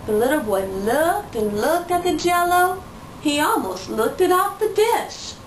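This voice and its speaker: A woman reading a picture book aloud to her toddler in a slow, sing-song storytelling voice. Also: high voice, sing-song, recorded from a distance. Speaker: parent reading to her child. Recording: roomy sound from away from the mic, faint noise.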